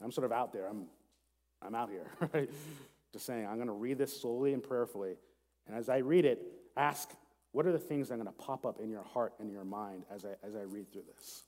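Male pastor, sermon, mellow voice, long church reverb, earnest, reads scripture slowly. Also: mid-range voice. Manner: earnest, laughs at himself, slows down to read prayerfully. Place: church sanctuary with seat backs.

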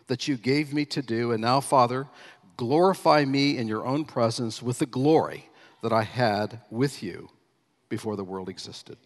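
A man preaching a sermon as pastor, emphatic, slowing down and stressing key phrases as he reads scripture. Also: medium pitch, big-room sound.

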